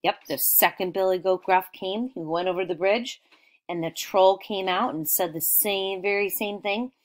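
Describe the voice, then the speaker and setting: A woman teacher guiding young children through retelling a story, asking questions and praising their answers. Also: medium pitch. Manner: slow, encouraging questions.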